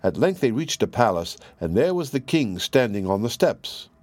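A man narrating a fairy tale in a measured, even storybook reading. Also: medium pitch, no room sound.

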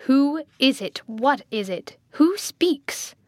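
A woman voicing a blind, commanding and desperate gentleman in an audiobook, speaking with impassioned, imperious urgency. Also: fairly high pitch, fairly even intonation, unhurried, no room sound, studio quality, natural voice. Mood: demanding. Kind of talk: audiobook character reading.

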